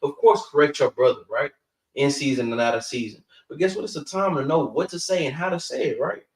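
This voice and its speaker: A man's voice: fairly high pitch, animated, a little fast. A man teaching a scripture class in a street-style preaching manner, who keeps repeating "guess what" and "man" and swears casually. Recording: echoey room from far off.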